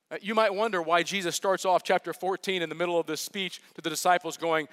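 A man preaching a sermon as pastor, telling the story casually and with humor, slowing down to stress key phrases. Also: sits high, steady tone, fairly bright tone, big-room sound. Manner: casual, joking storytelling with slow emphatic phrases. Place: church.

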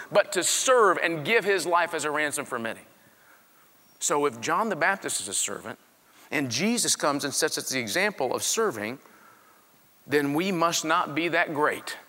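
Animated man preaching in a hall. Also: sits high. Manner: animated, swings from quiet to shouting. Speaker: pastor. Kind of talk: sermon.

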